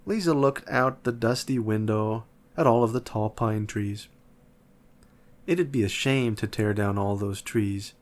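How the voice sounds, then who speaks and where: A man calmly reading a children's chapter book aloud. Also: fairly low pitch, unhurried. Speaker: narrator. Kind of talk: storybook reading.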